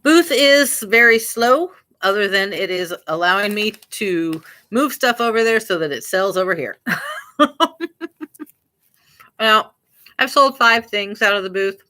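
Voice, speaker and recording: With a sharp-toned, mid-range voice at normal speed, a woman from the American Midwest talks casually as she works. She's an online reseller and vlogger, musing out loud while listing things to sell.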